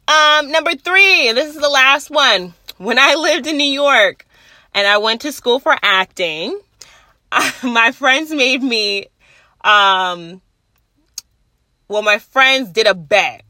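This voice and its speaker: Loud, blunt young woman podcaster. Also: on the high side, no room sound. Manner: blunt and chatty, swears freely. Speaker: podcast host. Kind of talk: casual solo podcast chat. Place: at her workplace.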